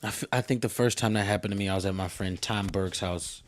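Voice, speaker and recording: Young man with a low voice, earnest. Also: fast talker. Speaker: podcast co-host. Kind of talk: casual chat.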